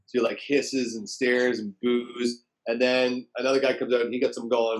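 Animated man telling a story. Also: medium pitch, fairly quick. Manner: animated, acts out quotes in raised voices. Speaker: guest storyteller. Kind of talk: casual anecdote telling.

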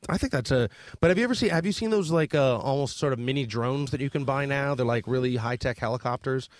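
A man in casual podcast chat who talks haltingly, restarting sentences and searching for words. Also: mid-range voice, no echo, clean studio sound. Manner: halting, full of restarts and fillers. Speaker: podcast co-host.

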